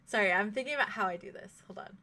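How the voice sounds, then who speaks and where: A young woman narrating as game master in a tabletop game, halting, with many fillers and giggles. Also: medium pitch, bright, forceful tone.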